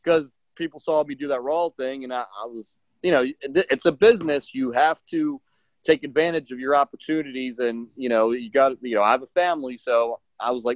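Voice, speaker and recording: A middle-aged professional wrestler tells a story in a casual interview, animatedly acting out what people said, with lots of fillers. His mid-range voice moves a little fast. The sound is dull, lo-fi and dry, with no room sound.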